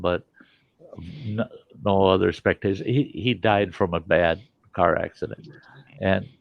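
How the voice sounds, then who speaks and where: A man's voice: low voice, gravelly, dry recording. A man hosting a casual show and telling rambling, swearing anecdotes. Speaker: host. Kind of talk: casual storytelling. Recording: dull lo-fi dry sound.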